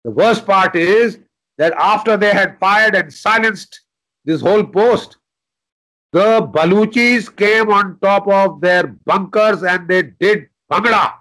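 An older man with an Indian English accent, a retired army general telling war stories in an interview, forceful and animated, acting out dialogue and swearing casually. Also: high-pitched, slow pace, low-quality recording. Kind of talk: anecdotal interview storytelling.

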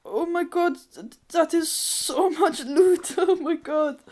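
A woman giving casual let's-play commentary, thinking aloud, swearing freely and breaking into sudden excited squeals. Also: very high-pitched, slow pace. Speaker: gamer.

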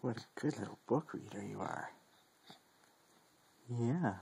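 A man talking gently to a small child at bedtime, coaxing and praising as a parent. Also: medium pitch, slow, vocal fry, slightly rough. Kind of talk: casual talk to a small child. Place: home at bedtime.

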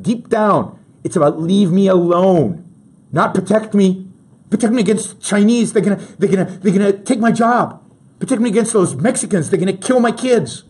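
Husky, lively-voiced man ranting to listeners. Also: high voice. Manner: emphatic, addresses listeners directly, many restarts. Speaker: talk show host. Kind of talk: opinionated political commentary.

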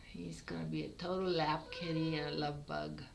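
A middle-aged woman, a longtime cat breeder, showing off kittens in a fond, unhurried way. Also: sits low, flat delivery, creaky, a little hiss or hum, low-quality recording. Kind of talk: casual kitten showcase.

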